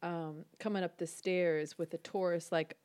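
A woman co-hosting a podcast in casual chat, jumping in with quick questions and playful quips. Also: on the low side, fairly even intonation, a little mellow, clear, resonant tone, no echo. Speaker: podcast co-host.

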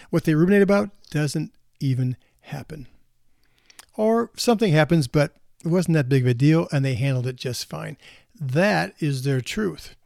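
Calm man counseling parents, fairly high voice. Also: no echo, studio quality. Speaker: counselor for teenage girls. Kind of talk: podcast advice talk to parents.

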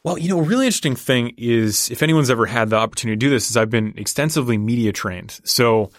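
A man's voice: medium pitch, lively intonation, fast, no echo, studio quality. A man talking confidently and explaining with examples in a casual conversation. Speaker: negotiation guest.

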